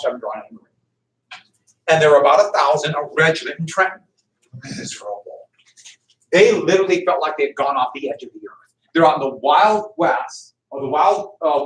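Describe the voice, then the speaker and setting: Animated male teacher in an echoey classroom. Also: on the high side. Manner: animated storytelling, acting out quotes, quizzing students. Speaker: history teacher. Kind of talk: classroom lecture. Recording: echoey classroom, far from the mic.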